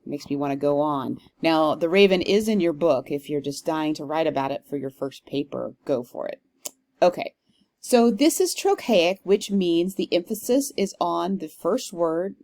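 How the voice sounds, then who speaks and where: A woman teaches poetic meter in a recorded lecture, her voice sitting a little low. She speaks casually, with fillers and small asides, and slows to a deliberate, stressed rhythm whenever she reads lines of verse. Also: darkish tone. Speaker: literature instructor.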